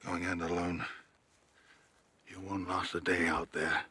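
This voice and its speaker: An actor playing a gruff, bitter battle-hardened warrior who speaks with harsh contempt. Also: male voice, low-pitched, level tone, measured pace, pushed and bright, exaggerated voice. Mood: taunting. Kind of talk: TV drama dialogue.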